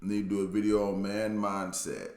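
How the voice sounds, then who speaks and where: A man's voice: lowish voice, flat delivery, moderate pace, darkish tone. A man with a Southern US accent casually reading out and answering viewer comments, in a laid-back, plainspoken way that often repeats itself. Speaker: YouTube commentator. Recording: echoey room.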